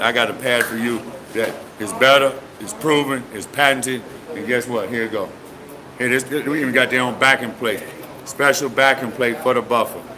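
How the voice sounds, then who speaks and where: A man's voice: mid-range voice, pushed and bright. A man casually demonstrating his buffing pads outdoors, boasting and giving others directions. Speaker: custom airbrush painter showing his products. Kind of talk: casual on-camera demo. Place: outdoors near trees.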